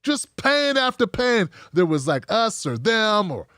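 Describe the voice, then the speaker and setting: A man's voice: high-pitched, big pitch swings, measured pace, pushed and bright, clear, resonant tone, no echo, clean studio sound. A man hosting a livestream, giving frank, rambling commentary straight to his viewers. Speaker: show host.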